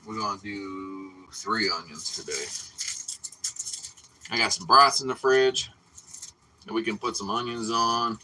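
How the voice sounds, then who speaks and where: Sharp-voiced man chatting on a home livestream. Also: fairly low pitch, measured pace, long pauses, a little hiss or hum, poor audio. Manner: chatty, swears freely, talks to viewers. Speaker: livestream cooking host. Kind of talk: casual live-stream chat while cooking. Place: home kitchen.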